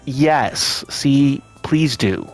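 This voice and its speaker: A man voicing an excited little girl who begs to be taken out, in a whiny, drawn-out manner. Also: mid-range voice, soft background music. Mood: pleading.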